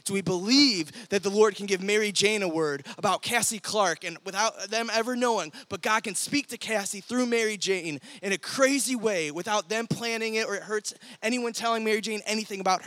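Young guy youth pastor, high voice, animated storytelling sermon, super dry sound. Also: dry recording. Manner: energetic storytelling, acts out quoted voices.

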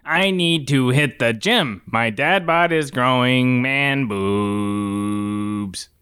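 A man putting on a slow, halting, flat robot voice. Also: mid-range voice, smooth. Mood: mechanical. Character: stiff male robot. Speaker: podcast co-host.

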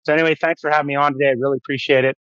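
A man's voice: on the high side, little pitch movement, very fast, fairly bright tone, clean tone, no echo, highs cut off. A man, a fitness guest on a podcast, chatting emphatically and telling stories with energy. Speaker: guest, fitness system founder. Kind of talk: casual podcast chat, storytelling.

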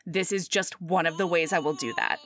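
A woman reading out a charming, protective male romance hero in a smooth, coaxing way, close to her own voice. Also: on the high side, brisk, fairly bright tone, slight background noise, pitched below the performer's own voice.

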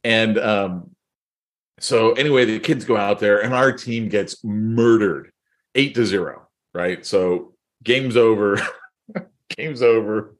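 A man's voice: fairly low pitch, slow pace. A middle-aged man co-hosting a podcast, casually telling stories with lots of laughter. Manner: laughing, animated storyteller. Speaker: podcast co-host. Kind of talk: casual chat, storytelling.

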